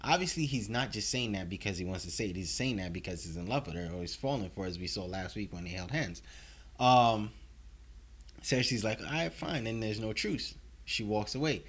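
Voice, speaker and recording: A man with a fairly low voice talks through a TV episode recap in a loose, conversational way. He rambles and leans on filler phrases as he goes. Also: animated, brisk, husky. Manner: rambling, heavy on "you know" fillers. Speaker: TV episode reviewer. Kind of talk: casual recap and review.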